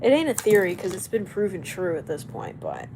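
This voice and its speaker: A young woman chatting loosely on a live stream in a rambling, animated way, with reactions to viewers' comments. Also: fairly low pitch, brisk, a little hiss or hum, poor audio. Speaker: livestreamer. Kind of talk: casual live-stream chat.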